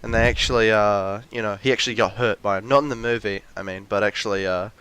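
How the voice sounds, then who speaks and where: A man's voice: on the low side, fairly even intonation, quick pace, fairly bright tone, smooth. A young man in a ranty, rambling monologue, full of restarts and fillers, with mocking acted-out quotes of characters. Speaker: video essayist.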